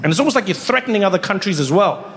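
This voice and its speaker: A man in his forties performing a stand-up comedy set, bantering with the crowd and jumping into high, shouting voices for imagined people. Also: animated, rapid-fire. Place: large theater stage. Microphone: handheld stage mic. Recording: live stage mic in a large reverberant venue with faint audience noise.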